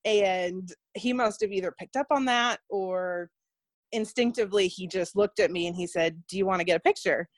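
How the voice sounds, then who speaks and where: A woman's voice: medium pitch, normal speed, no echo. A woman who works as a nurse, telling a personal story in casual conversation and acting out the voices of people she quotes. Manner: animated, acts out quoted voices. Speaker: guest.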